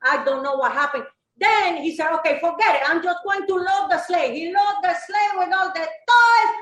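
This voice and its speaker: A woman's voice: very high-pitched, moderate pace, echoey room, low-quality recording. Woman playing a brassy Latin Mrs. Claus. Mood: storytelling. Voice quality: loud, bubbly, laughing through lines. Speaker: roast guest. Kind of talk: live comedy roast bit.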